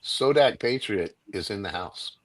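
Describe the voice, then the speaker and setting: A man's voice: on the low side, animated, measured pace, low-quality recording. Jokey man breaking in with banter. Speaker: co-host. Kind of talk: casual chat.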